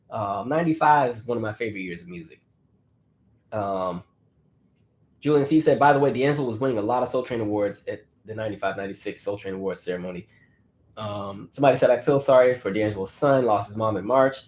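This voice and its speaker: A man in his thirties, slightly hoarse, hosting a casual livestream chat and reading out viewer comments in a conversational way with many fillers. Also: medium pitch.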